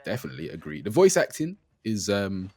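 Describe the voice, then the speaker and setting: A man with a fairly low voice co-hosts a casual game review chat. He is relaxed and conversational and moves the talk along. His voice sounds dry and close, with no room around it. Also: a little fast, no echo. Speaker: game podcast co-host.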